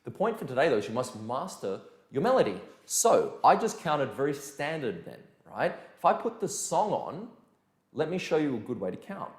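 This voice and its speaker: A man teaching a dance lesson in a casual, energetic way, counting beats aloud. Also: mid-range voice, moderate pace. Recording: echoey room with music behind.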